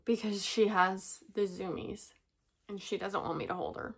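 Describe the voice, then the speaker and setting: A woman's voice: medium pitch, lively intonation, normal speed, gravelly, breathy edge. A young woman vlogging at home, telling a rambling story to camera, full of fillers and restarts. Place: at home with pet rabbits.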